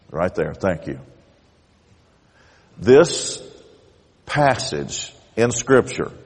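A man preaching a sermon as pastor, reading scripture aloud with big swells in pitch and speaking slowly and deliberately. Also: darkish tone. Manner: slow, deliberate delivery. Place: church sanctuary. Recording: long hall reverb.

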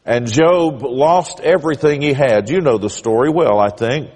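A man preaching a sermon as pastor, telling a story in a measured way and rising emphatically on key points. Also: mid-range voice, darkish tone, slightly rough. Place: church sanctuary. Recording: church hall reverb.

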